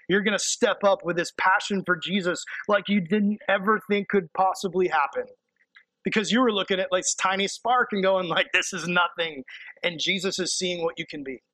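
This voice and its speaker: A man preaching a sermon, animated, acting out quotes and dropping to a hushed, intense voice. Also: high-pitched, dry recording, poor audio.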